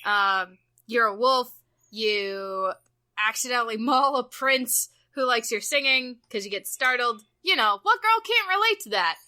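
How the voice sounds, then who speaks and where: A young woman with a high, bright voice gushes through a casual podcast chat. She swoops up and down in pitch and breaks into excited squeals, and she swears freely as she goes. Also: measured pace. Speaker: podcast co-host.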